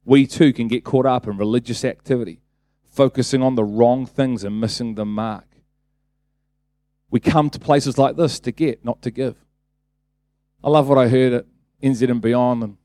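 A man's voice: medium pitch, fairly even intonation, normal speed, long pauses, mellow, dry recording. A man preaching a casual sermon, talking conversationally, then building to emphatic bursts and asking the congregation rhetorical questions.

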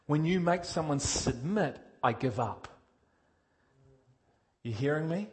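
A male preacher with a fairly high voice, delivering a sermon with energy. He questions his congregation directly and swings from loud, pushed emphasis to quiet intensity. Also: animated, slow.

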